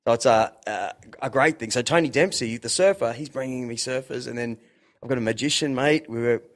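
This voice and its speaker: A man's voice: mid-range voice, fairly quick. Rambling man hosting. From Australia. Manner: rambling, full of fillers. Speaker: podcast host. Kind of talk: casual podcast chat.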